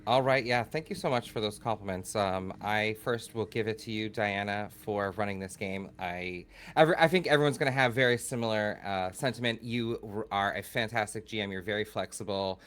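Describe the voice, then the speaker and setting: A man's voice: on the low side, a little fast, hardly any pauses, a bit bright. A man player thanking his group after a tabletop game, bubbly and laughing, with lots of "like" and "um". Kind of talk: post-game wrap-up chat.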